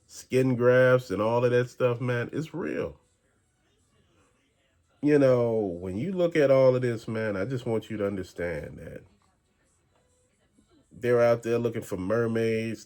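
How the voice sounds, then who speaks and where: A man's voice: fairly low pitch, a little mellow. A man hosting a rambling conspiracy-theory rant, talking in an emphatic, slangy way. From American South. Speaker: channel host.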